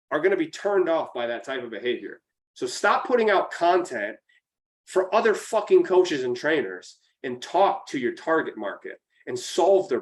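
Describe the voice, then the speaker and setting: A man's voice: on the high side, far from the mic, poor audio. Blunt, profane upstate New York man. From central New York. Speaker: podcast guest, business coach. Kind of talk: casual motivational chat.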